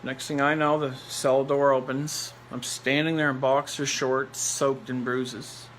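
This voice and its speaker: A man's voice: medium pitch, little pitch movement, a little slow, a bit bright, low-quality recording. Man with a middle-range voice, telling a personal story bluntly, with faint noise behind him. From Nova Scotia, Canada. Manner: blunt, rambling, repeats phrases for emphasis; laughs between lines.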